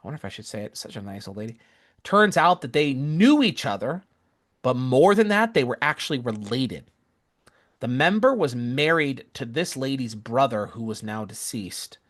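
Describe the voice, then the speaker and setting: A man's voice: medium pitch, very animated, moderate pace, fairly bright tone. A man telling a missionary story with an earnest, casual manner, often correcting himself mid-sentence. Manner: earnest, self-correcting, acts out quoted voices.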